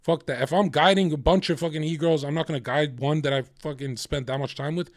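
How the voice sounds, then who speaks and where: Male streamer, heated profane rant, slightly high voice, dry close sound. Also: fast, no room sound. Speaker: livestreamer. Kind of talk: casual livestream rant.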